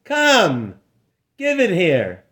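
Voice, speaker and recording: A man's voice: high-pitched, huge pitch swings, drawn-out words, fairly bright tone, exaggerated voice. A man voicing an eager, friendly doorman in a spoken story. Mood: chummy. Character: eager uniformed male doorman.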